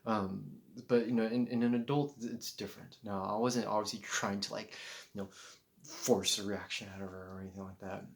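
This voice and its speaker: A man's voice: fairly low pitch, little pitch movement, a little fast, vocal fry. A man telling a personal story to camera in a rambling, casual way, full of fillers and restarts. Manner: acts out quoted voices. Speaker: vlogger.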